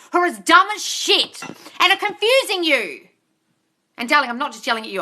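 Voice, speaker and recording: A woman's voice: sits high, pushed and bright. A young woman running a livestream Q&A as a manifestation coach, blunt and sweary, stressing her points and reading viewers' comments aloud. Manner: blunt, sweary, emphatic, reads chat aloud. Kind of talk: ranting livestream Q&A.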